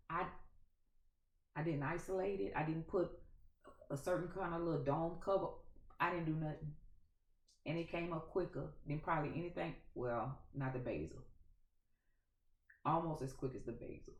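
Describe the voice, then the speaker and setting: Gravelly woman with a thick Louisiana accent. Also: low-pitched, normal speed, pauses often, darkish tone. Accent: Louisiana Southern. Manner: chatty, folksy, addresses viewers as y'all. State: dry, scratchy throat. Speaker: gardening channel host. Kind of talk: casual chat to camera. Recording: echoey room.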